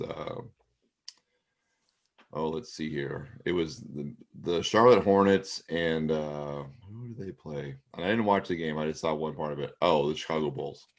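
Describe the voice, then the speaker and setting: Low-voiced male co-host, loose rambling sports chatter. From Pacific Northwest of the US. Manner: rambling, loose storytelling with many fillers. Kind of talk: casual sports chat.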